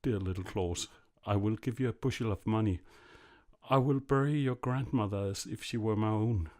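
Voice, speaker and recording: A man voicing a fiery-tempered male innkeeper in a fairy tale reading, loud and then pleading. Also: fairly low pitch, moderate pace, voice pushed up, lightly acted.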